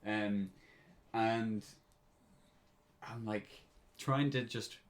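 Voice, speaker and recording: A man's voice: on the low side, steady tone, extremely slow. A British man in his twenties telling a story on a casual podcast, often breaking into laughter. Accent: British English. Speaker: podcast co-host.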